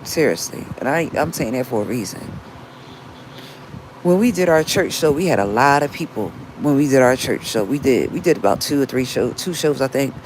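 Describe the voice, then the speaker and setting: A woman's voice: low-pitched, darkish tone, a little hiss or hum, poor audio. A woman, talking on her livestream in an earnest, repetitive way, restarting often and citing scripture. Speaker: livestream host. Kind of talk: casual livestream talk, preaching.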